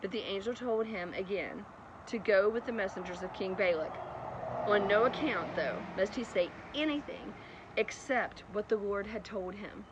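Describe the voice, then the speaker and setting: A woman's voice: mid-range voice, moderate pace, lo-fi sound. A woman telling a bedtime Bible story in a chatty way, with lots of laughing asides, over outdoor traffic noise. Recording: noisy outdoor background with traffic.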